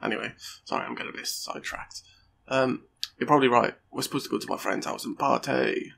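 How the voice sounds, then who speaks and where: This gaming YouTuber talks fast at a medium pitch, with vocal fry and a slightly bright edge. Over his let's play footage he swears often and jokes at his own expense. There's slight background noise.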